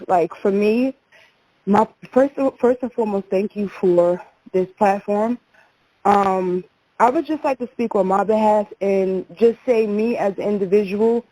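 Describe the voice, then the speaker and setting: A woman's voice: mid-range voice, warm tone. A woman calling in to a town hall, speaking earnestly, a little nervous and emotional. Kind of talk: emotional personal statement.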